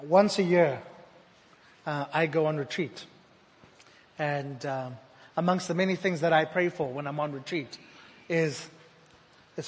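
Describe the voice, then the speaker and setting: A man with a high voice delivers a sermon, rising to loud repeated declarations and dropping to near-hushed lines. His voice rings with long reverb in a church hall. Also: measured pace, long pauses. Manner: dynamic delivery, swinging from loud emphatic repetition to hushed intimate tones. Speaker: preacher.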